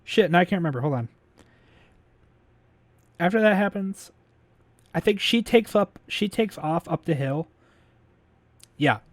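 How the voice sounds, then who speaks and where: A man's voice: sits high, lively intonation, unhurried, pauses often, no echo. A man casually recapping a movie plot as a podcast host, rambling with lots of fillers, swearing and laughing as he goes.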